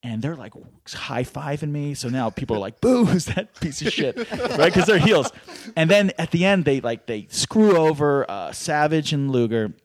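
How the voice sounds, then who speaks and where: Animated middle-aged man telling stories. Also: fairly high pitch, normal speed. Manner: animated, acts out voices while telling stories; self-deprecating. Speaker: guest. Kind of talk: casual storytelling.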